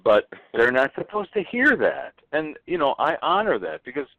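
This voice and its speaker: A man guesting on an interview show, telling stories with lively delivery and acting out the dialogue he quotes. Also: a little high, normal speed, dry recording. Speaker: author guest. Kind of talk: animated storytelling on an interview show. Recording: tinny phone line, dry.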